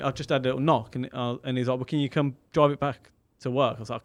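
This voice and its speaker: Talking very fast in a mid-range voice with barely a pause, this young Birmingham-accented Englishman co-hosts a casual podcast, reeling off a lengthy, profane story and voicing both sides himself.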